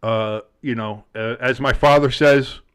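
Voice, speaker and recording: A man with a New Jersey accent co-hosting a live sports show, talking in a rambling, excitable way with many restarts. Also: medium pitch, a little slow, clean tone. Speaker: sports podcast co-host. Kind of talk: casual live draft chat.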